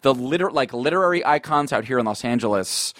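A man from New York co-hosts a podcast in a loose, chatty way. He leans on filler words and laughs easily. His voice sits mid-pitch in a close, dry recording. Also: expressive, fast talker, fairly bright tone, no room sound. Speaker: podcast co-host. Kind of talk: casual chat.

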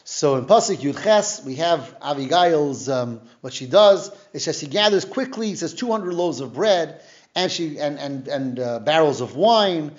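A man's voice: a little high, lively intonation, a little slow, dull audio. A man teaching a casual Torah class, retelling the story in plain conversational speech and explaining the Hebrew terms he uses. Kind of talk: casual Bible lesson, retelling and explaining verses.

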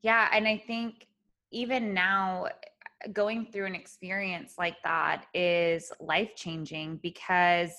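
A woman's voice: on the low side, flat delivery, takes it slowly, pushed and bright. A woman hosting a podcast interview, talking in a reflective, rambling way full of "you know" fillers. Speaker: podcast host. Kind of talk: conversational interview.

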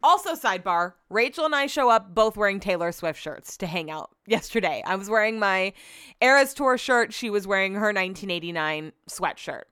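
A woman's voice: medium pitch, animated, moderate pace, a bit bright, smooth, dry recording, clean studio sound. A young adult woman hosting a podcast, telling a story in casual chat with lots of "like" and the odd swear word. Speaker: podcast host.

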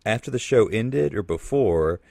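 A man's voice: on the low side, expressive, a little slow, vocal fry, a little mellow, dry recording, clean studio sound. A man co-hosting a podcast in casual chat. He thinks aloud hesitantly and laughs now and then. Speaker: podcast co-host.

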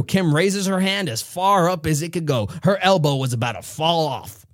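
A man's voice: on the high side, no room sound, clean studio sound. A man hosting a motivational podcast, telling stories with emphatic, shifting delivery. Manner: emphatic storytelling, speeds up and slows. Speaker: podcast host. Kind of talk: motivational monologue.

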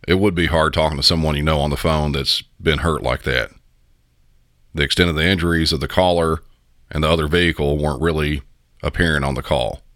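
A man hosting a podcast, giving measured, explanatory commentary on a 911 call. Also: very deep voice, steady tone, a bit bright, dry recording, clean studio sound. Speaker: podcast host and 911 dispatcher. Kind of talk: conversational commentary.

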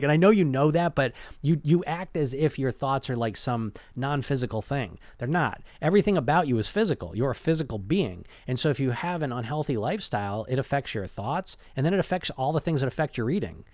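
Guy coaching on weight loss, keeps saying right? you know?, middle pitch, dry close sound. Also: a little mellow, dry recording. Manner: restarts and repeats words mid-sentence. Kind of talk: casual motivational talk.

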